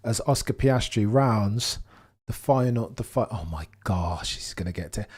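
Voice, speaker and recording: A young man hosting a live race watchalong, commentating casually and reacting with excitement. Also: fairly low pitch, measured pace, breathy edge. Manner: excitable, exclaims and gasps at on-track action.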